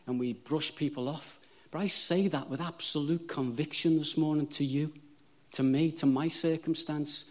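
A man's voice: mid-range voice, a little mellow. A man preaching a sermon, chatty and self-deprecating, rising to fervent emphasis on repeated phrases.

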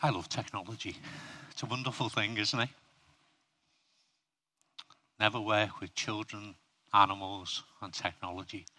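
Bright-voiced preacher. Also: male voice, fairly low pitch, steady tone, moderate pace. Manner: humorous and chatty, asks the audience questions. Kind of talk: sermon.

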